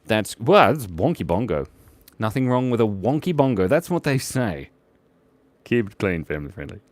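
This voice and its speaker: A man's voice: fairly low pitch, sing-song, moderate pace. Playful man chatting on a livestream. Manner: playful, jokey, chatty with viewers. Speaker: livestream drawing host. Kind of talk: casual live-stream chat while drawing.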